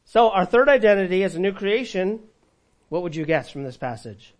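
Male pastor, slightly high voice, sermon with call-and-response, big volume swings. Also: expressive, moderate pace.

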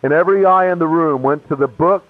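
A man's voice: on the high side, fast, dry recording. A man casually and animatedly telling his conversion story, acting out the voices of the people in it. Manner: casual, animated, acts out every voice. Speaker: speaker giving a testimony. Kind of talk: storytelling testimony. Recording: tinny, phone-like, dry.

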